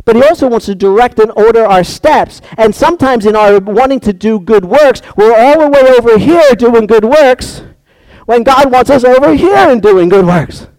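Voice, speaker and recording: A man's voice: extremely high pitch, lively intonation, normal speed, a little mellow, no room sound. A man preaching a conversational sermon, acting out prayers and little dialogues as he goes.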